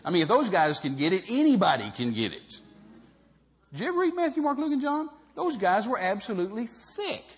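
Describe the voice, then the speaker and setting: A man preaching a humorous storytelling sermon in a folksy way, swinging between loud and soft and acting out the people in the story. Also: high-pitched, sing-song, a little fast, husky. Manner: folksy, acts out Bible characters with voices, swings loud and soft.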